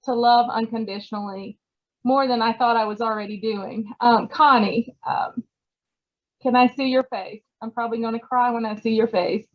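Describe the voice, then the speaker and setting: Woman, from Georgia, tearful, choked up, halting speech, video-call audio, muffled lo-fi sound. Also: fairly high pitch, fairly even intonation. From Georgia, USA. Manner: choked up, halting, many fillers. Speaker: award recipient. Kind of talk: emotional acceptance speech.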